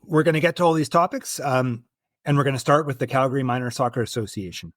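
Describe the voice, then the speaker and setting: A man hosting a casual sports podcast, talking in a relaxed, hesitant way with fillers and restarts. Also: medium pitch, fast talker. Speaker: podcast host.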